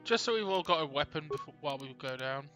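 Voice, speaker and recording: Relaxed man commentating a game. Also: fairly high pitch, fast talker. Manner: relaxed, musing to himself. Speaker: streamer. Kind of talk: casual gameplay commentary. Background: game music.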